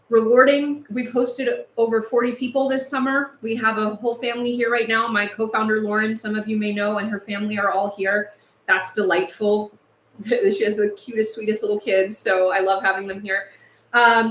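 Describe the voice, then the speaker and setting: A woman with a slightly high voice hosts a casual livestream, talking with passion and laughing between points. She is overheated and sounds it. Her voice echoes in a bare room. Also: fairly bright tone, slight background noise. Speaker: livestream host. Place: house with no air conditioning.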